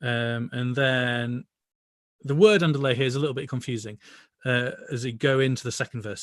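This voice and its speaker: A man with a British accent leading an online choir rehearsal, singing each part and then gently explaining it. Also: mid-range voice, steady tone, normal speed, no echo, studio quality. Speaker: choir director. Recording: voice over loud music playback.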